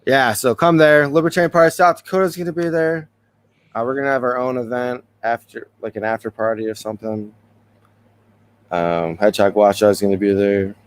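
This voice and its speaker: A man hosts a relaxed podcast chat. His voice is smooth and resonant, sitting mid-range for a man. He rambles loosely and laughs along as he goes. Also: medium pitch, a little fast. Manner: loose, rambling, chuckles often. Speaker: podcast host.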